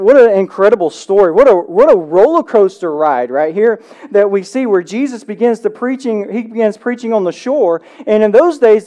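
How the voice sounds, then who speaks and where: A male pastor in his thirties delivers a sermon, reading a passage aloud before breaking into lively, conversational commentary. His voice sits high for a man, with a dark, mellow tone. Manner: reads scripture then preaches with animated asides.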